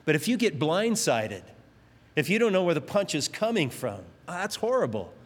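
A man's voice: on the high side, very animated, moderate pace, slightly rough, long reverb tail. A pastor preaching a sermon, emphatic, stretching out his climactic lines as his voice rises.

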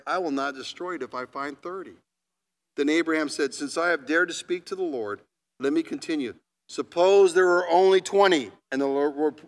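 A man preaching a sermon, reading scripture aloud with emphatic pauses and then commenting in a conversational way. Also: a little high, fairly bright tone. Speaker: pastor.

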